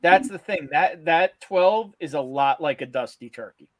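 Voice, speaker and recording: Excitable man hosting a livestream, dry sound. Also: on the high side, moderate pace, dry recording. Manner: excitable, swears and laughs often. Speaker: host. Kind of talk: casual livestream chat.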